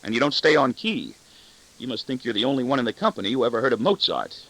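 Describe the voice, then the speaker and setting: A man's voice: mid-range voice, very animated, fast, a bit bright, low-quality recording. A man voicing an arrogant, cutting corporate boss in an audiobook, with a sardonic, self-satisfied delivery. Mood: sarcastic. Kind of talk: audiobook reading.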